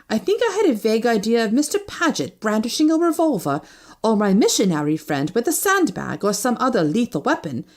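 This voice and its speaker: Expressive woman reading an audiobook. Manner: expressive, shifting pitch with each character. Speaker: audiobook narrator. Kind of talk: first-person audiobook reading.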